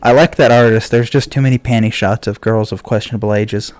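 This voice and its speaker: A man's voice: fairly low pitch, steady tone, brisk, a little mellow. A man playing a video game on a friend's stream, talking in a laid-back, offhand way. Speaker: co-player on stream. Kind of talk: casual gaming chat. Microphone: desk microphone with gain knob.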